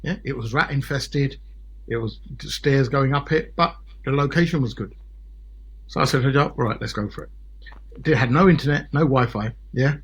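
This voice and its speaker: A man in his forties from Britain, a solicitor telling his story as a podcast guest in an animated way, often checking in with "yeah?" and "right?". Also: medium pitch, normal speed, slightly rough, lo-fi sound. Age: 40s. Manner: animated, peppered with tag questions like "yeah?" and "right?". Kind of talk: casual podcast interview storytelling.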